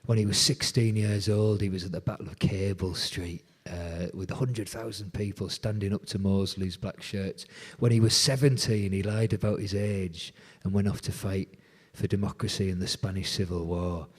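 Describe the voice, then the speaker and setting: A folk musician being interviewed, retelling a story with lively quoted dialogue. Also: male voice, sits low, normal speed, few pauses.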